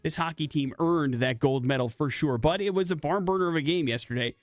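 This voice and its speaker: A man's voice: fairly high pitch, a little fast, no echo. A man from the Midwest hosting a morning radio show in a casual, rambling way, full of fillers and restarts. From American Midwest. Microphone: studio microphone.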